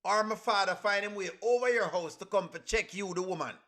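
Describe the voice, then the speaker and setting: A Jamaican man riffing live on a reaction stream. His voice is high and bright. He keeps firing rhetorical questions at his viewers. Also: fairly quick. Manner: asks the chat rhetorical questions, creole grammar. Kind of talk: casual live reaction commentary.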